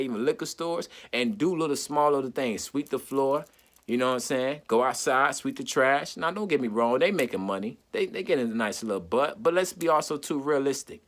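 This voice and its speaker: A man vlogging an impassioned solo monologue to camera, fervent, repeating words in quick bursts as he talks. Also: medium pitch, fairly bright tone.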